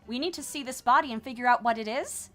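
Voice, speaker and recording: A man's voice: very high-pitched, quick pace, a bit bright, soft background music, voice pushed up. A man reading aloud and voicing an earnest, easily flustered young female pony.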